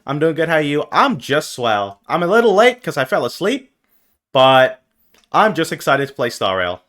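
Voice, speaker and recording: A young man streaming as a VTuber, chatting casually with his viewers and jumping from mumbled asides to loud yelps. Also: a little high, very animated, moderate pace. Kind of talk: casual live-stream chat.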